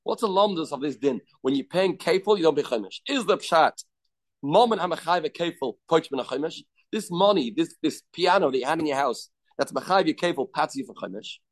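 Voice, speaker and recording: A man's voice: a little high, expressive, a little fast. Man teaching a Talmud lesson. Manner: explains step by step, asking questions and answering them; mixes English with Hebrew and Aramaic terms. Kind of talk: daily Talmud class.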